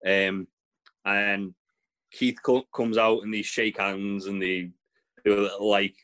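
A man's voice: lowish voice, level tone, slow pace, long pauses, a bit bright. Sweary man recapping wrestling. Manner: sweary, rambling recap with fillers. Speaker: podcast co-host.

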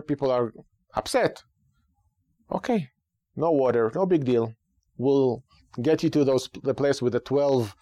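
A man who is a rabbi and a radio podcast host, giving lively talk-show commentary with rhetorical questions and repeated phrases for emphasis. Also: a little high, no echo, studio quality.

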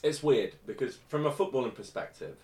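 A man co-hosting a casual podcast, animated and loud, swearing freely into his podcast mic. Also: mid-range voice, fairly quick. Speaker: podcast co-host. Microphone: podcast microphone.

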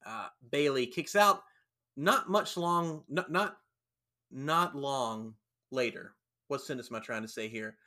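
A man's voice: medium pitch, measured pace. A man hosting a casual podcast, recapping events and acting out what people said. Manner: animated storyteller, acts out quotes. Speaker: podcast host recapping wrestling. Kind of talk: casual chat.

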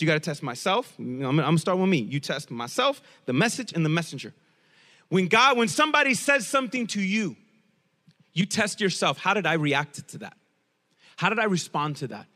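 A middle-aged man preaching a lively sermon as pastor, with joking asides and key phrases said again and again. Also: high voice, big-room sound.

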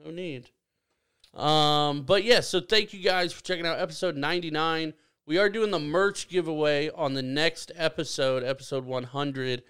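A man's voice: a little high, normal speed, hardly any pauses, fairly bright tone, smooth. Rambling casual male podcast host. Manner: rambling, self-correcting, joking.

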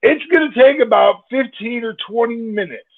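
High-voiced man on a tinny call line. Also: normal speed. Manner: joking storyteller, laid-back, laughs easily. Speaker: podcast guest. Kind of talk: casual chat.

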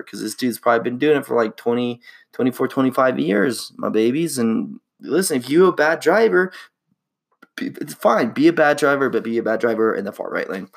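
A man's voice: medium pitch, lively intonation, a little fast, vocal fry. A young man hosting his own podcast, rambling in an upbeat, slangy way. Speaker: podcast host. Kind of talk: casual solo podcast chat.

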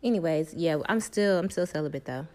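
A woman's voice: low-pitched, brisk, darkish tone. A young woman, talking candidly and emphatically to her viewers about her love life and self-worth, repeating points for stress. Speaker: vlogger.

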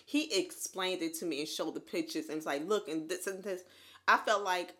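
A woman in her thirties co-hosting a podcast, telling her own story in casual chat, animated and laughing often. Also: fairly low pitch, moderate pace. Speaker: podcast co-host.

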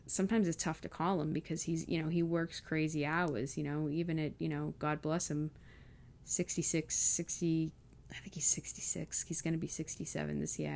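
A woman's voice: sits low, creaky, darkish tone. A young woman vlogging casually about leaving home, emotional and close to tears, with many fillers. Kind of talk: casual personal vlog.

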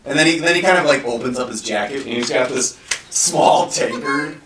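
A man narrating a tabletop game as game master, telling the scene with animated, laughing energy. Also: medium pitch, moderate pace. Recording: roomy distant mic with noise.

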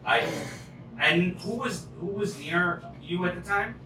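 A man's voice: high voice, a little slow, bright, forceful tone. A man hosting a podcast, telling stories casually with a lot of laughing and swearing. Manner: laughing often, swearing storyteller. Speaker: podcast host. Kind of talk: casual chat. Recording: echoey room, faint noise, far mic.

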